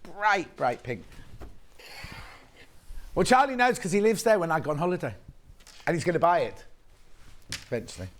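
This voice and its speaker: A woman's voice: on the low side, sing-song, moderate pace, long pauses. A woman presenting live on a TV shopping channel, chatting in a bubbly way and joking with the crew between product details. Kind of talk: live TV shopping sales chat. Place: TV studio.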